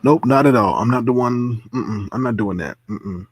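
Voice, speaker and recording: A man's voice: mid-range voice, normal speed, husky, no room sound. A man hosting a casual livestream, reading chat comments aloud, laughing often and repeating himself. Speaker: livestream host.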